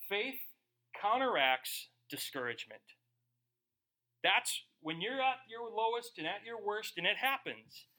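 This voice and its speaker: Male pastor, sermon delivery, high bright voice, slow scripture reading and casual asides. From Germany. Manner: reads scripture slowly, then talks casually with asides.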